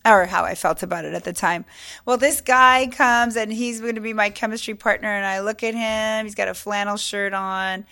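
This is a middle-aged woman from California, co-hosting a podcast in relaxed conversation. She is an animated storyteller whose voice sits at an ordinary middle pitch, and she acts out the people she quotes. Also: creaky. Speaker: podcast co-host. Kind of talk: casual chat.

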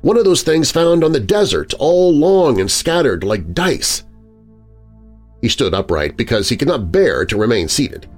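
A man narrating a story in a dramatic audiobook style, expressive and lingering on vivid words, with faint music underneath. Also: mid-range voice, a little slow.

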